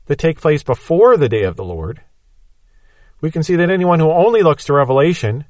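A man's voice: a little high, no room sound. Man patiently teaching Bible prophecy. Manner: patient explaining with everyday examples.

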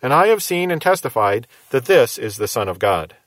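Measured male Bible teacher, dry sound. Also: mid-range voice, sing-song, no room sound. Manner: measured, explaining, asks rhetorical questions.

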